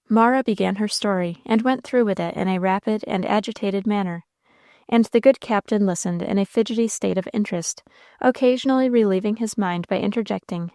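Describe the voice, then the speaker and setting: A woman narrates an audiobook in a steady, even storytelling way. Her voice sits at a middle pitch and sounds dry and close, with no room around it. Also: fairly quick, dry recording. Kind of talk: scripted narration.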